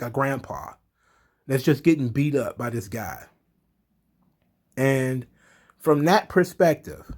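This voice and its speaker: A man giving a casual recap of a wrestling show, excitable, chuckling, swearing freely. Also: a little high.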